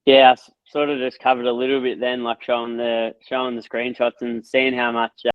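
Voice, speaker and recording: Excitable swearing man, muffled. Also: mid-range voice, a little fast, smooth, no room sound. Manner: excitable, swears a lot, repeats and restarts. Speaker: guest, course creator. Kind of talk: casual interview chat.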